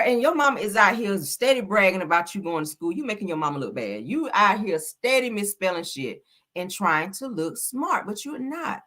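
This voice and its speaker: Hosting a gossip livestream, a woman speaks in a fairly low, pushed and bright voice. Her casual commentary is sassy and drawled, dotted with "honey" and "child," and she keeps laughing while she mocks.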